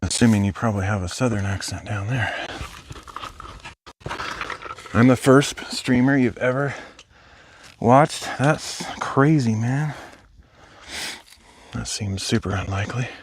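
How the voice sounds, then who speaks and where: A man's voice: mid-range voice, unhurried, long pauses, a little hiss or hum. A young adult man live streaming while hiking outdoors, chatting casually and thinking aloud as he answers viewers. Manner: rambling, thinking aloud, replies to chat. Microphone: phone.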